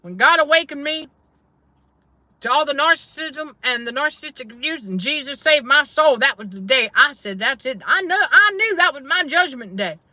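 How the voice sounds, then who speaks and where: A middle-aged woman, a faith-based trauma coach who hosts her own channel, preaches casually on a livestream, testifying and repeating herself for emphasis. Her high voice has lively intonation and a sharp tone at normal speed, with no echo.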